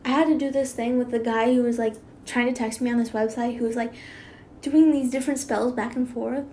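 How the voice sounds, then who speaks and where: A woman's voice: on the high side, fairly even intonation, fairly quick, dark tone, slight background noise. A woman reading fan fiction aloud, breaking off into rambling, giggly asides and restarts. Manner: rambling, self-interrupting, giggly. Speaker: YouTube fan fiction reader. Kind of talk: casual read-aloud with chatty asides.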